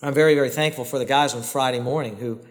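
A pastor giving a sermon in earnest, direct tones. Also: male voice, mid-range voice, steady tone, fast. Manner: earnest, direct preaching with voiced prayers and quoted excuses. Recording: long hall reverb.

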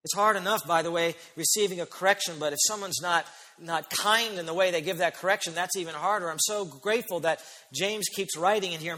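A man preaching a sermon as pastor, emphatic, slowing down and stretching key phrases. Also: high voice, bright, forceful tone. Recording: long hall reverb.

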